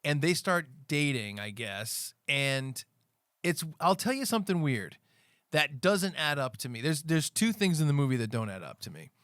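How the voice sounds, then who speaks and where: A man's voice: a little high, big pitch swings, moderate pace, a bit bright, clean tone, no echo, studio quality. A man co-hosting a podcast, chatting casually about movies and rambling through scene recaps with quoted lines. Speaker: podcast co-host.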